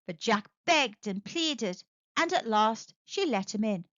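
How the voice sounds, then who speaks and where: A woman reading a picture book aloud to children, narrating with expressive, animated storytelling. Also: fairly high pitch, slow pace, no echo, lo-fi sound. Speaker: storyteller, channel host.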